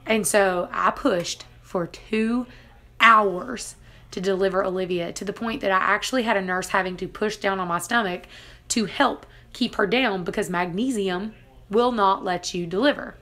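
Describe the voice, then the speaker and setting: A woman's voice: medium pitch, normal speed, bright, forceful tone. A woman vlogger casually retelling a dramatic personal story, laughing now and then between lines. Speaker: family homestead vlogger.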